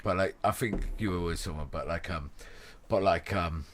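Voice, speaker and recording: A man's voice: deep voice, moderate pace, a bit bright, a little hiss or hum. A man hosting a podcast, telling a story in casual chat, swearing a lot and rambling with fillers. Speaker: podcast host.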